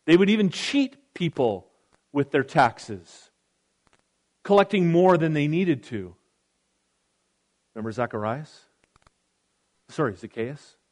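Male pastor, slightly higher voice, conversational preacher who reads scripture and adds asides. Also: lively intonation, slow pace, long pauses, darkish tone. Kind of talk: sermon.

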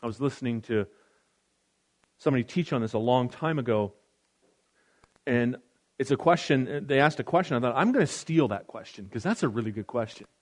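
A pastor preaching a conversational sermon, reading scripture aloud with casual asides. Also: male voice, medium pitch, expressive, a little fast, pauses often.

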